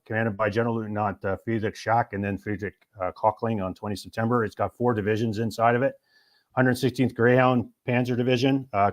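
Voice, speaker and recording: Pitched fairly low, this male guest, a military historian and urban operations instructor, walks the host through a detailed presentation that explains things carefully.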